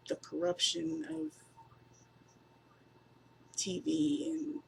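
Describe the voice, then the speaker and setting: Gravel-voiced casual wrestling reviewer. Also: medium pitch, slight background noise. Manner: rambling, offhand, with fillers and laughs. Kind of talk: casual spoken recap.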